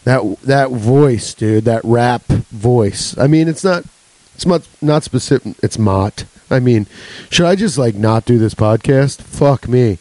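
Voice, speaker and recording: A man's voice: medium pitch, expressive, slow pace, warm tone, no room sound, poor audio. A young adult man hosting a solo comedy podcast, rambling and swearing with laughs between jokes. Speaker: podcast host.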